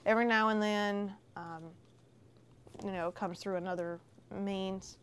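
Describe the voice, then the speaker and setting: A woman guest on a casual podcast, telling a story in a warm, animated way. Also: medium pitch, measured pace, a little hiss or hum. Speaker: film festival organizer guest.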